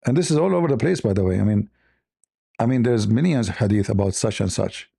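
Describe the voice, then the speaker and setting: A man's voice: on the low side, expressive, quick pace, vocal fry, dark tone, slightly rough, dry recording, studio quality. A man giving mocking commentary, sarcastic and laughing, with non-native phrasing. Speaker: online religion critic.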